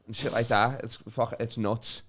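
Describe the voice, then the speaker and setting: A man's voice: mid-range voice, fairly even intonation, moderate pace, fairly bright tone. A young man, a comedy podcast guest telling rambling, sweary stories in casual banter. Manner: sweary, rambling storyteller with frequent laughs. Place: club green room.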